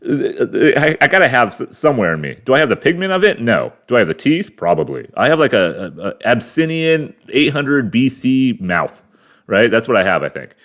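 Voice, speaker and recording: A man's voice: medium pitch, big pitch swings, moderate pace, a bit bright. A man in his forties from the United States, hosting a rambling, crude solo monologue full of fillers and restarts. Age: 40s. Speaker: podcast host. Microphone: camera mic.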